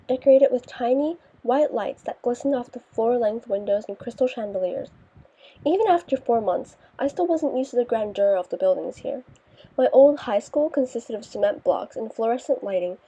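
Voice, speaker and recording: A woman narrating a first-person audiobook in a wry, deadpan manner. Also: a little high, slightly rough. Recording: dull lo-fi recording.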